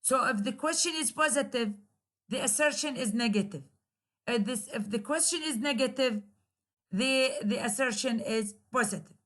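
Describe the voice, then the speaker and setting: A woman with an Arabic accent giving a grammar lecture, repeating example sentences slowly to show their intonation. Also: fairly high pitch, fairly bright tone.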